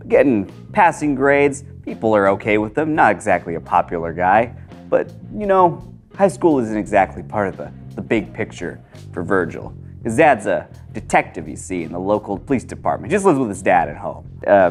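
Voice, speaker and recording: A man describing his character in a tabletop role-playing game. He speaks casually, and his voice moves around animatedly, with soft music underneath. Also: lowish voice. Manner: casual, offhand. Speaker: player.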